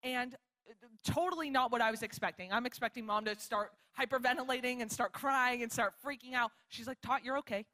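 A woman's voice: fairly high pitch, fairly quick. Chatty young woman preaching a sermon. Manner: chatty, animated, acts out quotes. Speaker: missionary preacher. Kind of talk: sermon with storytelling. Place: church hall with live audience.

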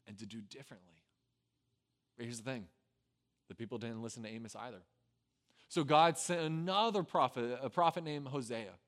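A man preaching a sermon, swinging from loud urgent pleading to quiet, low asides. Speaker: pastor.

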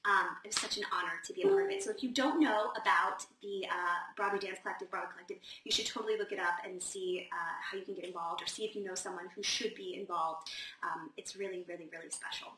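A woman's voice: fairly low pitch, quick pace, sharp tone, far from the mic. A woman hosting a casual live Q&A, chatty and gushing, with lots of "like" fillers. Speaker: host of a live advice session. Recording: roomy echo, set back from the mic, faint noise.

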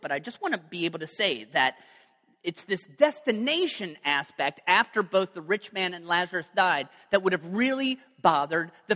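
A male pastor delivering a sermon with a bright, forceful tone, slipping into casual jokes and asides. His voice sits a little high for a man and rings out with a long reverb, as in a large church hall. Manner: conversational and joking, lively asides.

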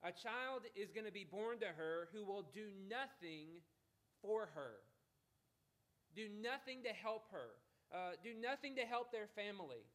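A man's voice: high-pitched, animated, a little slow, fairly bright tone. A middle-aged man preaching a conversational sermon, chatty and asking listeners direct questions.

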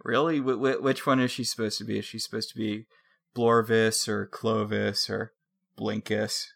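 A man co-hosting a casual podcast chat, deadpan and rambling through jokes. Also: lowish voice, normal speed, vocal fry. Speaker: podcast co-host.

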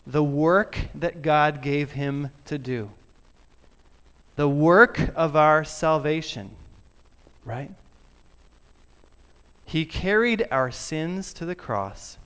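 Pastor, male, unhurried sermon delivery, smooth and clear, softens on key words. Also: a little high. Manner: earnest, drops to soft emphasis on key words. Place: church sanctuary.

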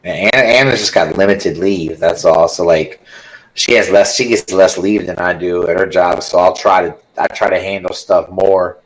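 A very deep-voiced man in a casual chat with friends. He sounds laid-back, drops swear words and calls everyone "dude". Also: steady tone, moderate pace, low-quality recording.

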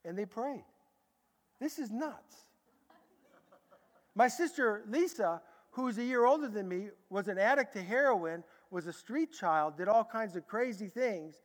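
A man preaching a sermon as a pastor, telling stories with sudden loud bursts and hushed, quiet stretches. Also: sits high, unhurried. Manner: animated storytelling, swinging from loud bursts to hushed tones. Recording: long hall reverb.

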